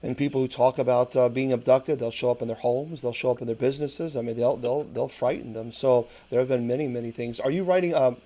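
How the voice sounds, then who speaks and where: A male host with a mellow, darker voice. He talks earnestly and doubles up his words as he goes, stumbling now and then while he wraps up a conversation. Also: medium pitch, fairly even intonation, fast, few pauses. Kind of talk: interview talk.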